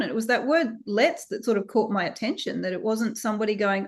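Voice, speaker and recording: A woman in her thirties with an Australian accent, a company founder giving a candid interview, animated and laughing often as she acts out the voices of others. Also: on the high side, fairly quick.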